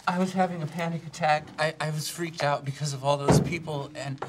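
A man's voice: fairly high pitch, steady tone, a little fast, distant mic, heavy background noise. A man under arrest in a jail booking area, pleading and panicky as officers restrain him.

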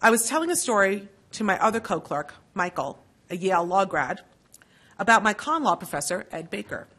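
A middle-aged woman, a law school dean, giving a measured, earnest introduction at a lecture with a lightly wry touch. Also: mid-range voice, expressive, a bit bright, breathy edge. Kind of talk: formal lecture introduction with personal anecdotes. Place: lecture hall.

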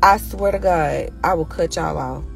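A hoarse woman chatting casually with her followers on a phone live stream from inside a car, teasing and scolding them. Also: low voice, moderate pace, faint music behind. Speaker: social media personality on a live stream.

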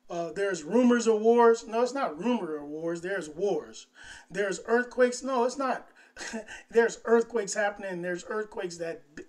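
A man preaching a sermon as pastor, slow and emphatic, building up to louder, higher phrases as he stresses his points. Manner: slow, emphatic preaching that rises in pitch and volume on key phrases.

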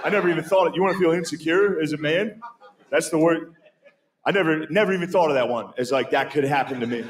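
A man's voice: fairly high pitch, fast. Crude, laid-back male stand-up comic. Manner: laid-back, crude, self-mocking delivery. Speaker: stand-up comedian. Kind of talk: stand-up set. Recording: live set with steady background noise.

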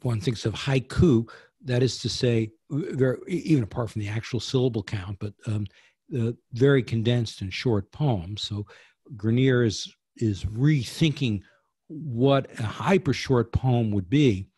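A man from New York talking as a guest in a poetry discussion over a video call, thoughtful and halting, with many restarts. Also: mid-range voice, a little mellow, breathy edge, dry recording. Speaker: guest poet.

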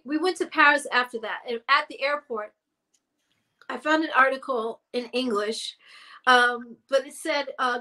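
High bright-voiced woman telling stories. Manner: animated, acts out quoted people. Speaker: guest singer. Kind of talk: casual storytelling interview.

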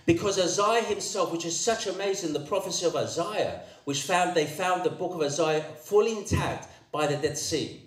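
Older archbishop, emphatic sermon delivery, echoey hall sound. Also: male voice, high voice, moderate pace, few pauses. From Cyprus. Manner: emphatic, rising to raised proclamations, repeats words. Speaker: archbishop preaching. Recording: echoey church sound from far off.

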